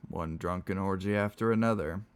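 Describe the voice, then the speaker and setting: A man's voice: sits low, a little fast, smooth, lightly acted. A man voicing a heavy, grumbling older male patient with a nasal twang, in a read-aloud story. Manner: grumbling, weary.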